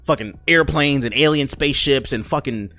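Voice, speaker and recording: A man's voice: medium pitch, normal speed, bright, forceful tone, soft background music. A man hosting his own podcast, rambling and joking in a casual, profane rant. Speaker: podcast host.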